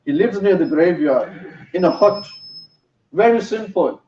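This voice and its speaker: A man's voice: high voice, lively intonation, measured pace, slight background noise. A man giving a sermon, telling a story in an earnest way. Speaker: preacher. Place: mosque hall. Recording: roomy, distant, dull sound.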